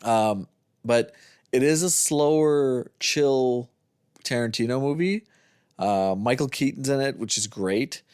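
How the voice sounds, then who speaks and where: A man's voice: medium pitch, takes it slowly, a little mellow, smooth, no room sound, studio quality. A man co-hosting a movie review podcast in casual chat, rambling as he retells scenes and swears freely. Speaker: podcast co-host.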